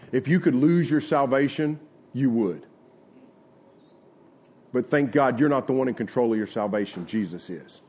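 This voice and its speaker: A middle-aged preacher, his voice husky and a little breathy. He delivers his sermon in a relaxed, folksy way. He tells stories at mid pitch and lifts his voice when quoting others. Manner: folksy, conversational preaching with lively retold quotes. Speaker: pastor. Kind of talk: sermon with personal storytelling.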